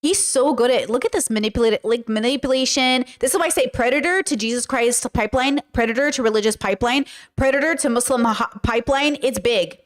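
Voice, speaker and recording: A woman commentator talking in an emphatic, sarcastic manner. Her voice sits fairly high for a woman. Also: fairly quick, few pauses. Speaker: commentary host. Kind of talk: casual commentary.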